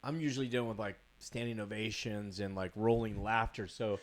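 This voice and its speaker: A man co-hosting a podcast in casual chat, low-key and making dry jokes. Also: steady tone, brisk. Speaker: podcast co-host.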